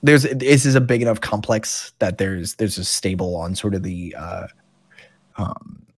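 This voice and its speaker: A man's voice: on the low side, measured pace, dry recording, studio quality. A man as game master, narrating a tabletop game in a chatty way with lots of fillers. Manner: chatty, animated, many fillers.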